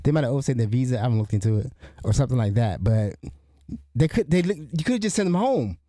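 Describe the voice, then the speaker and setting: A man's voice: medium pitch, big pitch swings, quick pace, mellow, no room sound, studio quality. A middle-aged man hosting a podcast, talking in a rambling, indignant way with frequent restarts. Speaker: podcast host. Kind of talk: casual spoken commentary.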